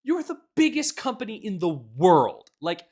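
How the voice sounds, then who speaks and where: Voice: mid-range voice, very animated, moderate pace, a little mellow. A podcast co-host in casual chat, ranting animatedly and swearing a lot, often laughing.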